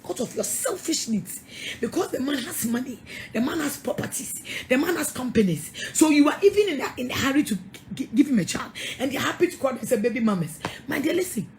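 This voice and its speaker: Ghanaian lady pastor, high voice, scolds and laughs a lot, repeats herself. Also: lively intonation, fairly quick, darkish tone, a little hiss or hum. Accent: Ghanaian English. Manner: emphatic, scolding, repeats words, laughs often. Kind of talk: sermon-style counselling talk.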